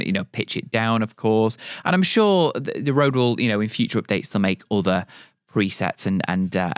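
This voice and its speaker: A man with a low, smooth voice walks through an audio gear tutorial in a loose, rambling way, full of ums and restarts. The sound is close and dry, with no room around it. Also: no echo. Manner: loose and chatty, with many fillers and restarts. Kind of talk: casual product tutorial.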